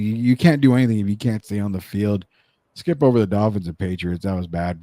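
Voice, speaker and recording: A man co-hosting a sports talk show, animated, rattling off game stats and picks. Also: lowish voice, dry recording. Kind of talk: casual sports debate.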